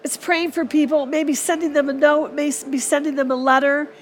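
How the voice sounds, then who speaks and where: A woman's voice: high voice, flat delivery, moderate pace. A woman preaching a sermon in an earnest, repetitive way and closing in prayer.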